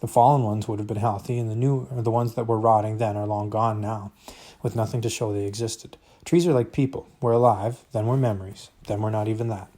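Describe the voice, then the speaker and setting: A man's voice: fairly low pitch, fairly even intonation, a little fast, dark tone. A man reading a novel aloud, narrating expressively in the first person. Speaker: reader.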